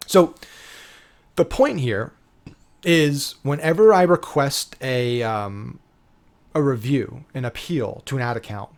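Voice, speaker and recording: Speaking slowly with long pauses and vocal fry, a mid-range male voice gives a casual digital marketing lesson. He's emphatic, swears in an offhand way, and often asks "right?"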